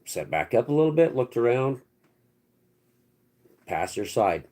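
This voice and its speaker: A man's voice: medium pitch, big pitch swings, a little slow, darkish tone. Rambling, slangy man telling a story. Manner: rambling, slangy, with frequent restarts and swearing. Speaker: channel host. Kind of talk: casual first-person storytelling.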